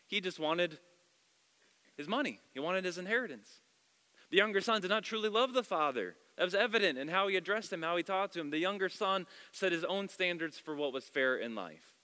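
Male pastor, sermon, expressive storytelling, bright forceful tone, long church hall reverb. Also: sits high, fairly quick. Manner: expressive storytelling, shifting loud and soft.

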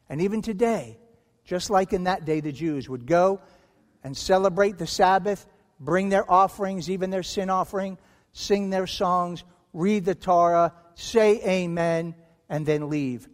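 Male pastor, high voice, emphatic sermon delivery, church sanctuary with lingering reverb. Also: unhurried. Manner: emphatic preaching, acts out quoted voices with rising pitch. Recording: long hall reverb.

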